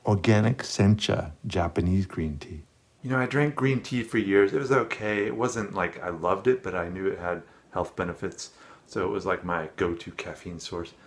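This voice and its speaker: A man's voice: low voice, a bit bright. A man casually reviewing teas in a chatty, rambling vlog. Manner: rambling, self-deprecating, chatty. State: out of breath.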